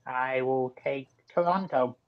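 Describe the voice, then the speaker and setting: A man's voice: medium pitch, slow pace, no room sound. A man co-hosting a sports podcast, talking in a sardonic, analytical way and swearing often. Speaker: podcast co-host. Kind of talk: casual chat. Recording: dull lo-fi audio.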